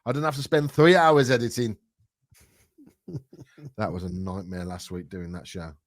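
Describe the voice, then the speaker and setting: A man's voice: on the low side, fairly even intonation, unhurried, dry recording, studio quality. A man co-hosting a casual chat show, blunt, dismissive and jokey. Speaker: podcast co-host.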